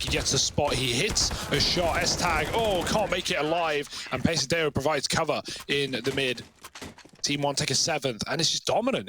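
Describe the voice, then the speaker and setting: Bright, excitable male esports caster. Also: mid-range voice, no echo. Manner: excitable, fast reactions. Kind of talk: live play-by-play commentary.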